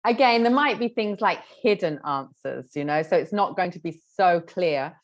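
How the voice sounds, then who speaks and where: A woman teacher walks students through exam tips in a chatty, easygoing way, filling pauses as she works through her examples. Her voice sits a little low, and the recording is somewhat dull and lo-fi. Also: animated. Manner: chatty, explains with examples, many fillers. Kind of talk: exam tips lesson to camera.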